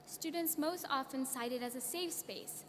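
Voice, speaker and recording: A young woman student presenting an award in a formal, measured prepared speech. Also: high voice. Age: young adult. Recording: long hall reverb, faint noise.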